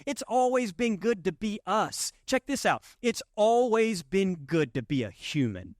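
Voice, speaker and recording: A man's voice: high voice, very animated, a little slow, hardly any pauses, dry recording, studio quality. A man preaching a sermon as pastor, conversational and emphatic, with rhetorical questions to the congregation. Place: church sanctuary.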